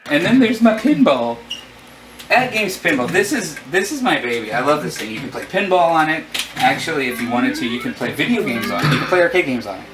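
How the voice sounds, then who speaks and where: A man in his forties hosts a casual chat from a home room full of arcade cabinets, showing off his collection with rambling enthusiasm and self-deprecating asides. His voice is on the high side with big pitch swings and a brisk pace, recorded from a distance over a noisy background.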